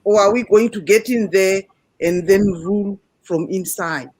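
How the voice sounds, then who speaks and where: Husky earnest woman telling a story. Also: medium pitch, measured pace. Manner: earnest, animated storyteller who acts out quoted voices. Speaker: panel guest. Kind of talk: storytelling in a panel discussion.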